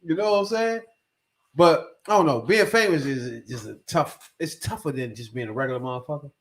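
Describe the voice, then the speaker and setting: A man's voice: fairly high pitch, brisk. A man hosting a podcast, talking animatedly in profane street slang and laughing often. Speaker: podcast host. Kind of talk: casual chat. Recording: roomy echo.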